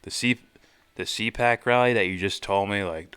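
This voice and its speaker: A man's voice: fairly low pitch, slow, pauses often, clean tone, no echo. A man hosting a live stream, casually reacting and reading viewer comments aloud with loose, profane asides. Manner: loose, profane, thinking out loud.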